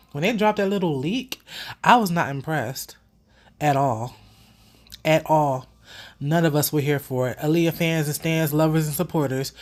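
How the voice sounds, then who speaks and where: A young woman talks to her viewers in a loose, animated commentary, swearing without a second thought. Her nose is still a little stuffy from a cold, so her voice comes out slightly blocked. She keeps it casual, like she is catching up with friends. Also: deep voice. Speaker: vlogger host.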